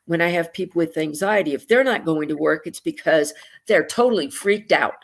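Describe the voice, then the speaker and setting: A woman psychotherapist explaining moods in a relaxed conversation, acting out her clients' thoughts with sighs and quick asides over a video call. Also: sits low, creaky. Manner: animated, acts out clients' inner voices with sighs. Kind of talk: conversational explanation with acted-out examples.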